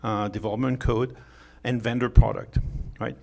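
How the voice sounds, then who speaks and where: A man's voice: mid-range voice, flat delivery, moderate pace, gravelly, warm tone. A middle-aged man from France with a French accent, giving a joking, chatty conference talk with many fillers and restarts. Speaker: conference speaker. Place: conference hall.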